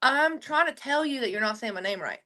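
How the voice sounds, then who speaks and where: A woman's voice: fairly high pitch, expressive, brisk, bright, forceful tone, pitched above the performer's own voice. A woman briefly putting on the voice of a young woman songwriter who keeps politely correcting how her name is said. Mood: insistent. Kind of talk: quoted impression in a story.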